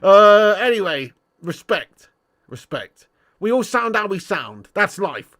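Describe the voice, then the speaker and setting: A man's voice: high voice, very animated, slow pace, a bit bright. A young man from Dorset, hosting a casual football livestream and reading comments with sweary, jokey banter. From Dorset, England. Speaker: football channel host.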